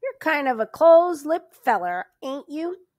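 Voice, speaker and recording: A woman's voice: sits high, big pitch swings, unhurried, no echo, clean studio sound, voice pushed up. Woman doing a folksy grumbling rural constable. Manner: folksy drawl, loud and suspicious. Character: chatty grumbling rural male constable, middle-aged.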